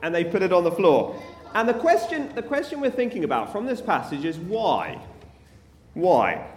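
Animated man leading a children's talk. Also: high voice, normal speed. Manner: animated, playful, coaxing the children. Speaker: preacher leading a family service. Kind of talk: lively children's talk in church. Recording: roomy church hall with faint ambience.

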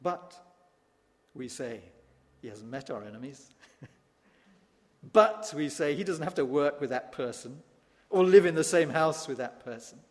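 Animated high-voiced preacher in a reverberant church. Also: male voice, measured pace, pauses often. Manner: animated, rising to emphatic peaks with wry asides. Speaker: pastor. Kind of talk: sermon.

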